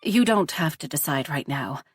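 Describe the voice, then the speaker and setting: A woman reading the lines of a loving, steady mother in a storybook, with a gentle, reassuring manner. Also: deep voice, moderate pace, breathy edge, no room sound.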